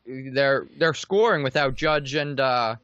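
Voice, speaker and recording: A man chatting casually about sports, tossing in opinions and hedging them with "I don't know". His voice is at an ordinary pitch. It is recorded dry and slightly dull. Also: slow, fairly bright tone, no echo.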